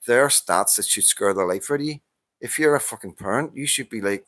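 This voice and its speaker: A fired-up Northern Irish man talks straight at his viewers. He swears freely and trips over his words in rapid restarts. His voice sits in an ordinary middle pitch, recorded close and dry. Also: lively intonation, fairly bright tone, dry recording. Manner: agitated, swears often, stammering restarts. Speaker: vlogger answering a viewer's comment. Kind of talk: heated casual monologue.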